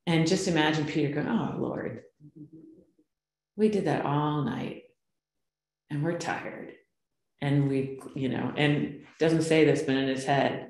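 Chatty woman pastor in an echoey sanctuary. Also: low voice. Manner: chatty, storytelling, asides and rhetorical questions. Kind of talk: conversational sermon. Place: church sanctuary.

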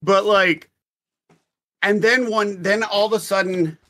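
A man with a fairly high, bright and forceful voice chats casually as a podcast co-host. He rambles, swears freely and cuts himself off mid-thought. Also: fairly even intonation, takes it slowly. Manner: rambling, profane, self-interrupting. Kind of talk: casual book discussion.

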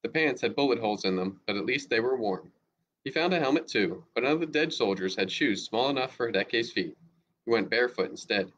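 A man's voice: fairly low pitch, animated, fast, fairly bright tone. A male teacher reading a novel aloud steadily, with small slips now and then. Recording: dull lo-fi recording with faint hiss.

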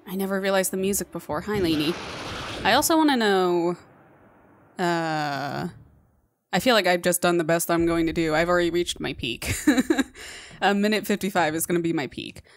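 A woman hosts a let's play for her gaming channel, chatting through the gameplay with frequent laughter and coaxing the game's monster as though it were a pet. Her voice is on the low side at a normal speed, and the recording is dry.

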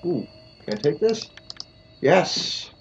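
A man's voice: a little high, big pitch swings, slow, gravelly, dull audio, faint music behind. Joking man commentating a horror game. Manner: jokey, talks to the game. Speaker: let's play host. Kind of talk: gameplay commentary.

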